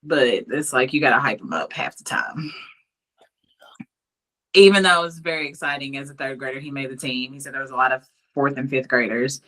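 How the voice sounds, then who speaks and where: A woman co-hosting a podcast, telling a relaxed story about her son. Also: rumbling low, brisk. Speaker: podcast co-host, mother. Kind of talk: casual chat.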